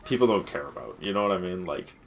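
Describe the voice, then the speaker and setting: A man's voice: sits low, animated, quick pace, a little hiss or hum. A man co-hosting a let's play, chatting casually, joking and laughing often. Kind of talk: casual gaming commentary.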